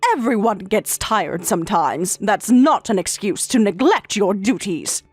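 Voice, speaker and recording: A woman's voice: medium pitch, animated, unhurried, husky, dry recording, faint music behind. A synthetic woman's voice reading a domineering older mother-in-law who lectures and scolds. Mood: scolding. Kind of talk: text-to-speech story reading.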